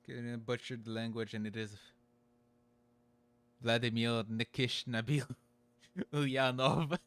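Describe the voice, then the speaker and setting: A man's voice: medium pitch, fairly even intonation, slow pace, long pauses, fairly bright tone. A man streaming a game, chatting casually, swearing and laughing as he talks. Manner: swearing, laughing, dubbing a clip aloud.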